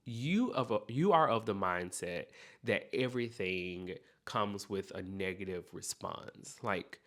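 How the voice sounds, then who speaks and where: A man hosting a self-help podcast, talking straight to the listener in an animated, encouraging way. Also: on the low side, a little slow. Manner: animated, speaks straight to the listener with repeated okays. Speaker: podcast host.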